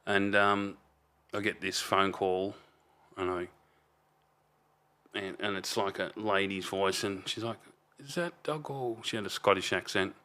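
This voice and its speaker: A man's voice: low voice, flat delivery, unhurried, pauses often, bright, forceful tone, clear, resonant tone. A man in his fifties with an Australian accent, telling a story as a podcast guest in a rambling, blunt way, with many restarts and some swearing. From Melbourne, Australia. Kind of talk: casual storytelling.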